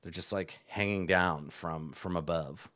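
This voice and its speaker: A man's voice: deep voice, fairly even intonation, unhurried, sharp tone, dry recording, studio quality. A man narrating a tabletop game as game master, talking loosely with lots of fillers.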